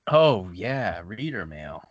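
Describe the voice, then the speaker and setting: A man's voice: on the low side, big pitch swings, slow, highs cut off, slight background noise. A man co-hosting a podcast in loose, jokey conversation, often laughing and tripping over repeated words. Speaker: podcast co-host. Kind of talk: casual comedic chat.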